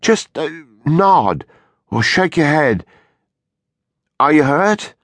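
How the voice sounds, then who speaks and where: A male audiobook narrator voicing a frightened young husband who speaks in a hoarse, anxious, urgent way. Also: fairly high pitch, big pitch swings, takes it slowly, no room sound, studio quality, pitched above the performer's own voice, exaggerated voice. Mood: careful urgent. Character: frightened young husband tending his stricken wife.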